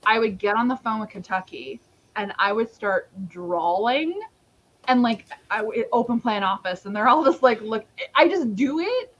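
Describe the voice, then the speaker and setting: A woman's voice: fairly high pitch, moderate pace, fairly bright tone, low-quality recording. A young woman from Georgia in the United States, hosting a casual live-stream chat and rambling with many restarts. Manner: rambling, self-correcting, lots of fillers. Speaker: host.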